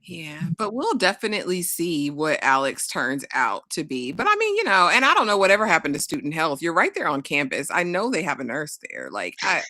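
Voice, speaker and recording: A woman co-hosting a casual TV recap, giving measured, opinionated commentary. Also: sits low, big pitch swings, sharp tone, no room sound. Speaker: show co-host.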